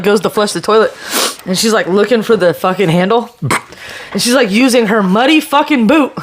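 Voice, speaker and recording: A young woman co-hosting a podcast, telling a story in casual chat, swearing a lot and laughing as she goes, talking while she chews food. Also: on the high side. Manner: talks while chewing spicy food. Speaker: podcast co-host.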